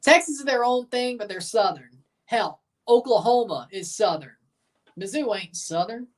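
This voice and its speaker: A woman hosting a live game watchalong, giving chatty, blunt reaction commentary and bursting into excited cheers. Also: a little high, moderate pace, distant mic. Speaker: livestream watchalong host.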